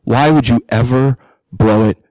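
Animated pastor preaching, dry close sound. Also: male voice, mid-range voice, unhurried, no echo, rough recording. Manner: animated, jokey asides, rising emphatic peaks. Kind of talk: sermon. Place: church hall.

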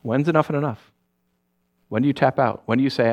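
A middle-aged man preaching a sermon as pastor, telling stories with a joking, animated manner and quick put-on voices. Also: medium pitch.

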